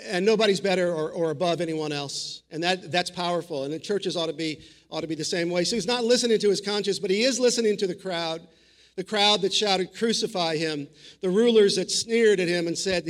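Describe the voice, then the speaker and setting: A man preaching a sermon in an earnest, conversational way, often restarting his sentences. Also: high voice. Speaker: pastor.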